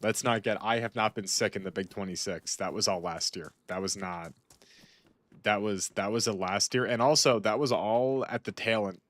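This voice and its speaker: A gaming streamer with a lowish, slightly bright voice talks at a normal speed, with no echo in the recording. The young man offers casual commentary while he plays, rambling, self-interrupting, and talking to someone off-mic.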